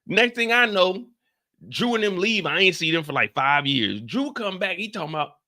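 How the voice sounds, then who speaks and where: A man hosts a live reaction stream, chatting casually in a high voice at a moderate pace. He's animated, repeating lines and acting out quotes.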